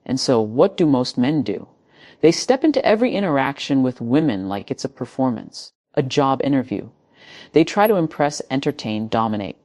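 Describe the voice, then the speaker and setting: A woman giving a scripted motivational speech in measured, emphatic short phrases with dramatic pauses. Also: extremely low pitch, sing-song, a little mellow. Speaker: motivational speaker.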